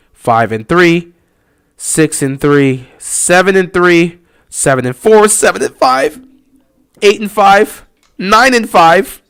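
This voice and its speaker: A man's voice: fairly high pitch, fairly bright tone, clear, resonant tone. A man hosting a casual live stream, talking over a football game and mocking upset fans with whiny impressions.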